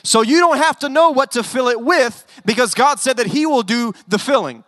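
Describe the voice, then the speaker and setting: Bright, high-voiced male pastor preaching. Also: moderate pace, no echo, long reverb tail. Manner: animated, joking asides. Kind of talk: sermon.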